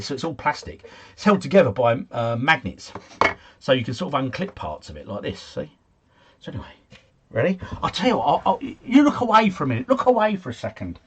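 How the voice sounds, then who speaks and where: Guy, livestream quiz host, husky, chatty, chuckles a lot. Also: medium pitch. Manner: chatty, chuckling, answers chat comments. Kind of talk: casual livestream chat.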